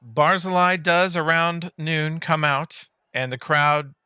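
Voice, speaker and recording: A man's voice: on the high side, steady tone, takes it slowly, sharp tone, clean tone, no echo, clean studio sound. A man acting as game master, casually narrating scenes and rulings to players in an online tabletop game. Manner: casual, descriptive scene-setting with fillers.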